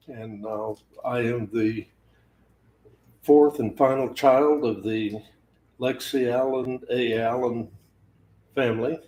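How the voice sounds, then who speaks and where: An older man, a guest on a live Q&A, speaking softly and slowly. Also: mid-range voice. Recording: echoey room.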